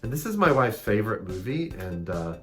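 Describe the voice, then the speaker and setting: A man chatting casually on a panel, halting and filling pauses with "uh". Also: lowish voice, very animated, fairly bright tone, faint music behind. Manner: halting, with many fillers.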